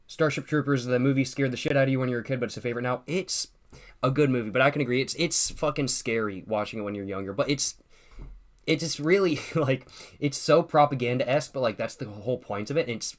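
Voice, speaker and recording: A young man hosting a relaxed livestream, his voice sitting right in the middle of the usual male range. He drifts between topics, reads out viewer comments, swears casually and leans on slang like "bro" and "y'all", often saying the same line twice. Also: medium pitch. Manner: loose and profane, heavy slang, repeats himself, laughs often. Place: at home streaming with a drink at hand.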